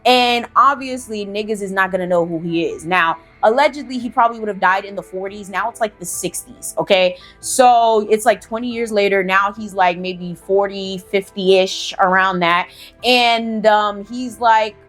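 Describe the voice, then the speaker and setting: A woman's voice: mid-range voice, moderate pace, fairly bright tone, faint music behind. Woman host telling a folklore story, loose and chatty, peppered with "like" and "okay?". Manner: chatty, profane, lots of fillers like "like" and "okay?". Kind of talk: casual storytime narration.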